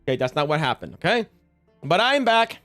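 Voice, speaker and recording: A young man riffs on a livestream in a loose, rambling way, greeting his chat by name and swearing freely. His voice sits a bit high for a man, and soft music plays faintly behind him. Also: sing-song, a little fast.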